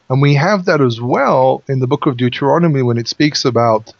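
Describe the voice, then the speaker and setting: A man hosting a Bible study, explaining verses at length and thinking out loud as he goes. His voice sits in a middle pitch. The sound is dry and slightly muffled. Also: brisk, creaky, dry recording. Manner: explanatory, thinks aloud with restarts. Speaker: host and Bible teacher.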